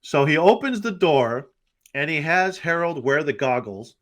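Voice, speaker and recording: A man with a slightly high, sharp voice co-hosts a movie review show. He talks loosely and crudely and acts out scenes with quick voices. His pitch swings up and down a lot. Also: lively intonation. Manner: crude, joking, retells scenes with quick impressions. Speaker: podcast co-host. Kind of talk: casual movie review banter.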